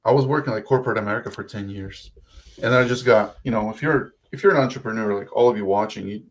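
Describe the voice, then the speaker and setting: A man's voice: lowish voice, fast talker. A man in his thirties with an Eastern European accent, a guest telling his story in a loose, rambling, self-deprecating way. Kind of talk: casual interview chat.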